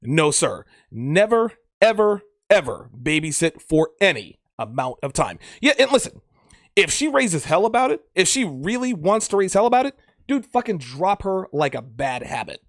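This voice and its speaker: Animated, profane man giving blunt advice. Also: sits high, normal speed, no room sound, studio quality. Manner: blunt, profane, emphatic, repeats himself. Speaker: dating advice podcast host. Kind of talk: crude casual monologue.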